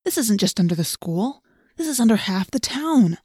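A woman's voice: a little high, sing-song, moderate pace, warm tone, breathy edge, no echo, studio quality, pitched above the performer's own voice. A woman doing a jittery, shaky-voiced teenage boy. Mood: awed whisper. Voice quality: shaky, whispery. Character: nervous wisecracking teenage boy.

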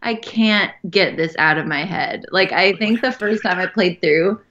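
A chatty woman with a fairly low voice trades stories as a podcast co-host, giggling often. Her easygoing talk comes through a dull, lo-fi recording. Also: a bit bright, slight background noise. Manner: giggly, chatty, quick to laugh. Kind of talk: casual chat.

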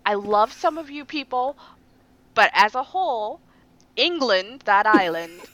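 A young adult woman hosting a podcast, chatting casually with a sarcastic, animated manner and frequent laughter. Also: a little high, unhurried, slight background noise. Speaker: podcast host. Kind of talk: casual chat.

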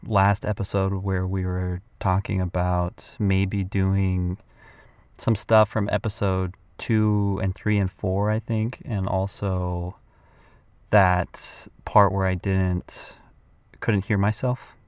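A man's voice: deep voice, little pitch movement, slow. Goofy man rambling while walking outdoors. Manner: goofy, laughing, playful sound effects. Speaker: podcast host. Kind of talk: rambling comedic monologue.

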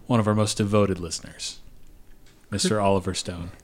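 Young guy co-host, lowish voice, jokey movie chat. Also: fairly even intonation. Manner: joking, quick asides, filler words. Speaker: podcast co-host. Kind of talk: casual chat.

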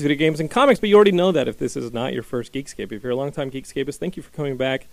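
Gravelly-voiced man hosting a podcast. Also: mid-range voice, rapid-fire, few pauses. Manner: energetic, rambling, many fillers. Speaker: podcast host. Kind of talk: casual podcast chat. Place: small recording studio. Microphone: studio microphone.

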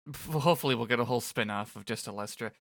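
A man's voice: mid-range voice, racing, a bit bright. A man co-hosting a podcast in casual chat, easygoing and hesitant, with laughs. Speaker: podcast co-host.

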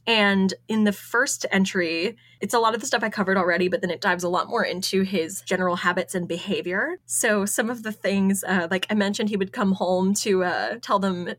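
A woman's voice: medium pitch, moderate pace, fairly bright tone. A woman co-hosting a podcast, chatting casually while presenting her research notes, often laughing and spelling out names.

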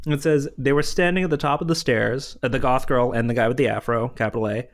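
A man's voice: medium pitch, a little fast. A man co-hosting a casual comedic review, wry and playful, acting out scenes with laughs. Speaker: podcast co-host.

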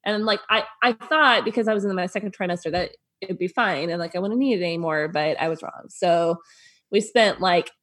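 A woman's voice: fairly low pitch, brisk, a bit bright, dry recording. A pregnant young woman co-hosting a podcast, candid and wry in casual chat. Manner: sympathetic, many "aw"s, wry and candid. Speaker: podcast co-host.

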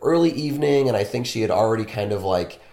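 A man's voice: on the low side, animated, fast talker, vocal fry, a little mellow. A man who works as a piercer, telling a candid, self-deprecating story in casual conversation. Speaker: body piercer. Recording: echoey room.

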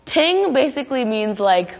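A woman's voice: high-pitched, sing-song, unhurried, big-room sound. A woman from Canada talking in a chatty, emphatic way in a played clip. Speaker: entertainer in a clip.

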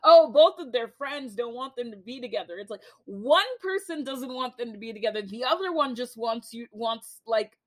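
A woman co-hosting a casual chat, telling stories in an animated, giggly and emphatic way. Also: on the high side, moderate pace, hardly any pauses.

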